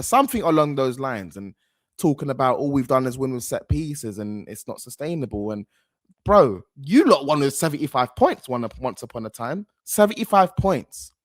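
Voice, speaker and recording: A man's voice: medium pitch, sing-song, moderate pace, dry recording, studio quality. A young man, giving slangy, rambling, outspoken reaction commentary as a football fan host.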